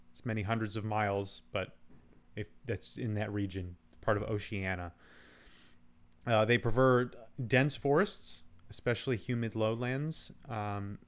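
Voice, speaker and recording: A man's voice: fairly low pitch, fairly even intonation, takes it slowly. A man co-hosting a casual podcast, wry and reasoning things out aloud as he talks, with a few restarts. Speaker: podcast co-host. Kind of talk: casual chat.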